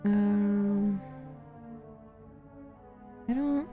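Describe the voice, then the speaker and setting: A woman's voice: fairly low pitch, measured pace, dull audio, faint music behind. Chatty young woman streaming a game. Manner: chatty, laughs often, swears casually. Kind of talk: casual let's play commentary, reading letters aloud.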